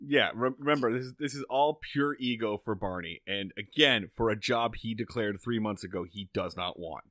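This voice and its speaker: A man co-hosting a podcast in casual comedic chat, animated and prone to loud excited outbursts. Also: on the low side, moderate pace, dry recording. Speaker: podcast co-host.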